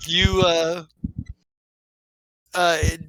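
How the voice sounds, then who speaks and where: Halting male game master. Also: a little high, little pitch movement, fairly bright tone, no echo, low-quality recording. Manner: halting, many restarts and fillers. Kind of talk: narrating a tabletop game.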